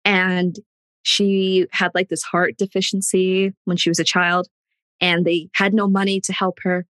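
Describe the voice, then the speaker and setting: A woman's voice: lowish voice, level tone, a little slow, fairly bright tone, no echo, clean studio sound. A woman in casual podcast chat, telling stories earnestly.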